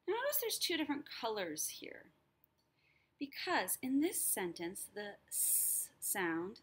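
A woman teacher explaining a lesson, sounding out words slowly and clearly. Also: medium pitch, very animated, a bit bright. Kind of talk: recorded lesson.

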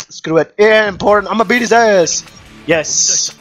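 Man, high voice, excitable let's-play commentator who swears at the game; slow, unhurried delivery. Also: faint music behind. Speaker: gameplay commentator.

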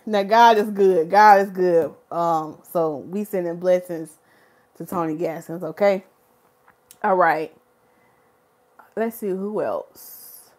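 A woman, a hair stylist hosting a casual live stream and talking to her chat in an animated, preachy way. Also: on the low side, slow pace, long pauses. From North Carolina, USA.

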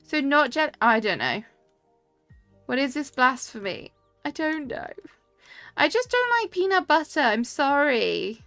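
Young woman, game streamer, casual and giggly, slightly high voice. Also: very animated, a little slow, long pauses, fairly bright tone, no room sound, faint music behind. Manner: chatty, reads and answers chat, giggly. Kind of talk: casual live-stream chat while playing.

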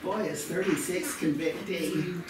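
A man in the gathering makes a slow, flat comment. His voice comes from far off the mic in a very echoey room, and noise runs under it. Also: on the high side, a crowd in the background. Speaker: congregant. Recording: distant, very echoey, noisy room.

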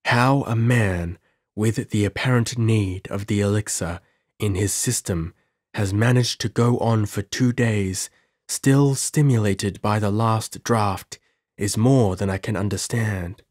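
A man's voice: fairly low pitch, slow, a little mellow, no room sound, clean studio sound. A man reading an audiobook and voicing a cold, sinister male scientist who murmurs with detached, clinical interest. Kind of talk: audiobook character voice.

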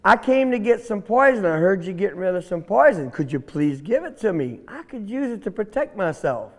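A man voicing a calm, reasonable male rattlesnake who asks politely and bargains, in a spoken story. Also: high voice, a little fast, long reverb tail, full character voice.

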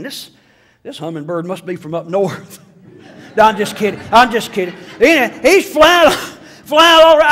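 Long hall reverb surrounds a middle-aged pastor whose voice is high-pitched and a bit bright. Preaching, he spins folksy, joke-filled stories with voiced asides.

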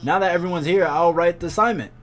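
A man's voice: high voice, fast, close to an everyday voice. A man voicing a nervous, shy female lizard schoolteacher in a game, hesitant and full of ums and uhs. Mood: flustered.

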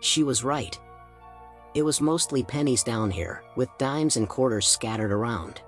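A man narrating a first-person audiobook in a steady storytelling manner. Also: mid-range voice, normal speed, faint music behind.

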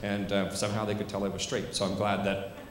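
A middle-aged male hypnotist cracks jokes and chats with the crowd from a theater stage. His voice carries a long hall reverb, with loud audience noise behind him. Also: fairly low pitch, completely flat delivery, quick pace. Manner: joking, chatty banter with the crowd; commanding hypnotic suggestions. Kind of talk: live comedy hypnosis show. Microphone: stage microphone. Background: audience laughter.

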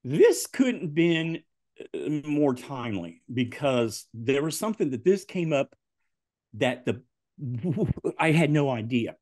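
A man's voice: a little high, slow pace, no echo, clean studio sound. A man, a podcast guest telling stories in casual chat and laughing often. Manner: animated, laughing often through his stories.

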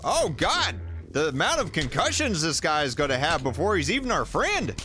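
A man giving jokey, animated commentary while playing a survival game and talking to the creatures in it. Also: on the high side, normal speed, slight background noise. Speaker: gaming YouTuber. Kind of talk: playthrough commentary.

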